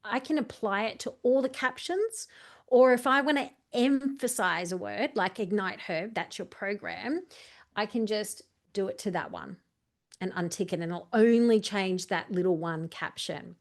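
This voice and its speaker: A woman's voice: mid-range voice, unhurried. A woman coaching a video editing tutorial, chatty and walking through each step while correcting herself as she goes. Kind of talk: screen-share editing tutorial.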